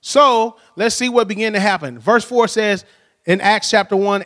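A man's voice: sits high, moderate pace, sharp tone. A man preaching a conversational sermon, telling stories and often checking in with "right?". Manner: storytelling, frequent "right?" tag questions. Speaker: pastor. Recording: long hall reverb.

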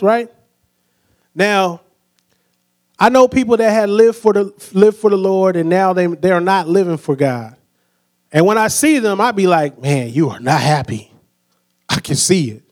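A man with a high voice preaches a sermon at normal speed in a relaxed, conversational way. He often asks his listeners questions and acts out quotes.

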